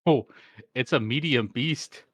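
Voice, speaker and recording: A man's voice: mid-range voice, measured pace. A man playing in a tabletop game, eager and chatty as he looks up rules. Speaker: player. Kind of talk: casual chat at a tabletop game.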